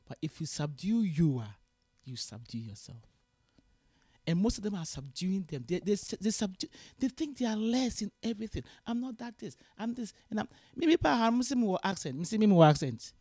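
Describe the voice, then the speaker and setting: Husky and on the low side, this middle-aged Ghanaian woman's voice swings widely in pitch at a normal pace as she talks passionately in an interview, mixing Twi and English. As a guest she lectures, getting loud when roused, and the audio has no room sound.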